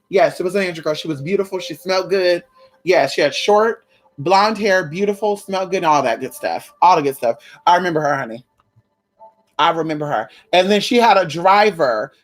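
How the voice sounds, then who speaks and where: A spiritual vlogger talking casually and profanely to an online audience. The delivery is animated and conversational, peppered with "girl", "honey" and "y'all" as the speaker tells personal stories. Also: medium pitch, brisk. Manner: profane, animated, talks straight to viewers. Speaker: spiritual content creator. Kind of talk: casual chat to viewers.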